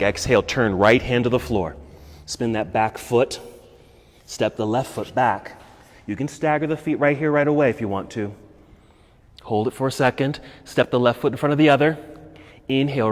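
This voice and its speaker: A man teaching a yoga class, calmly cueing poses and breaths, and he is a little out of breath. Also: medium pitch, long reverb tail. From United States. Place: yoga studio.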